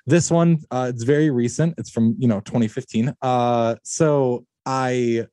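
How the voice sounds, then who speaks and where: A man hosting a podcast, chatting casually and steering an interview with a relaxed manner. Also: mid-range voice, measured pace, no room sound, clean studio sound. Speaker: podcast host. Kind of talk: casual chat.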